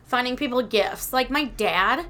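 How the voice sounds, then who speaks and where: A woman in her thirties chatting casually as a podcast co-host, telling animated stories, laughing often and swearing freely. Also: fairly high pitch, a little slow. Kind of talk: casual chat.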